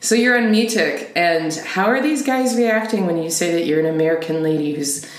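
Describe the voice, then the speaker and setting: A woman's voice: on the low side, animated, moderate pace, a little hiss or hum. A woman hosting a podcast, chatting casually with a guest in a playful, teasing way. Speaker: podcast host. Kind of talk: casual interview. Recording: echoey room, faint music.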